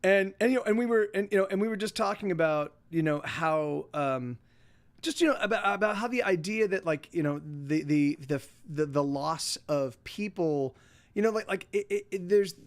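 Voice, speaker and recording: Rambling man streaming from home, high voice. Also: lively intonation, moderate pace. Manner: rambling, many restarts and fillers. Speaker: livestream host. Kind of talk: casual chat to a live audience.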